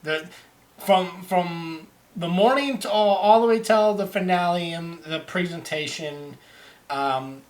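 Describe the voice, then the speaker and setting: Halting man running a tabletop game. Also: sits high. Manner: halting, many restarts and fillers. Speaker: game master. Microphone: online voice chat.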